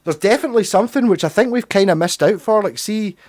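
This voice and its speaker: A young man with a broad Glaswegian accent rambles through a casual livestream chat, swearing freely as he goes. His voice sits a little higher than most men's. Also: quick pace, darkish tone. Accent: Glaswegian Scottish. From Scotland. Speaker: livestream host.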